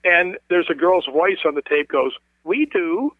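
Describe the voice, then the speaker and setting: A man casually telling a ghost story as a guest, animated and acting out the voices of the people in it. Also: a little high, normal speed, no room sound. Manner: animated, acts out quoted voices. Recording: tinny phone line.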